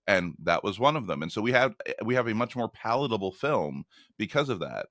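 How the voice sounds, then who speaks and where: Bright-toned New Jersey man, chatty guest. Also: fairly low pitch, very animated, brisk, dry recording, studio quality. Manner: talkative, explanatory, with many fillers and restarts. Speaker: podcast guest, media critic. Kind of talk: casual conversation.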